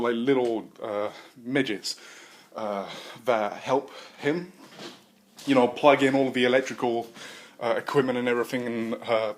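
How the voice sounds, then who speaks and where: A man hosting a podcast, improvising a comic story in a rambling, profane way. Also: medium pitch. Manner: rambling, profane, many fillers and restarts. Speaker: podcast host.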